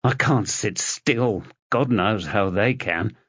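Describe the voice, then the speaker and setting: A man's voice: on the low side, takes it slowly, dry recording, lo-fi sound. A man voicing a weary, stubborn male police detective who speaks tersely and dryly.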